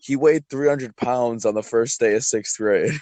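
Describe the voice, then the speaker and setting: A man's voice: mid-range voice, measured pace, darkish tone. A young man co-hosting a podcast, teasing and contradicting his friend in casual banter and laughing often. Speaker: podcast co-host.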